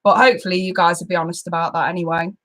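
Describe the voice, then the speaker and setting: A woman's voice: on the low side, level tone, racing, fairly bright tone. A woman hosting a live tarot stream, chatting casually and giggling as she greets viewers by name.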